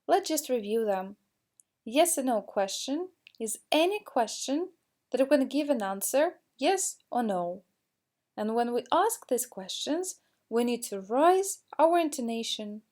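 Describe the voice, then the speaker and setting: A woman teaching English pronunciation, explaining slowly and acting out example questions with exaggerated rising and falling intonation. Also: a little high, animated, darkish tone. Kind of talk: slow classroom explanation with spoken examples.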